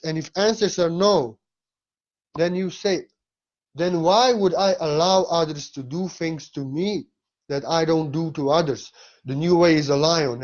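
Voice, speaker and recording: A man with a somewhat high voice delivers a spiritual monologue in a blunt, emphatic way. He swears often and uses non-native phrasing. The recording sounds dull and lo-fi. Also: unhurried, a little mellow. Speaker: spiritual teacher.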